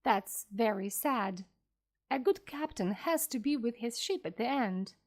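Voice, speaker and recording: Brief: fierce old one-legged sea captain, barked slow orders, fairly high and lively, read by a woman. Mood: grave. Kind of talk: storybook reading.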